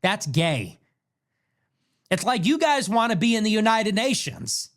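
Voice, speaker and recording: A man hosting a livestream, delivering an emphatic, declamatory political monologue that builds to shouts. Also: high-pitched, lively intonation, normal speed. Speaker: livestream host.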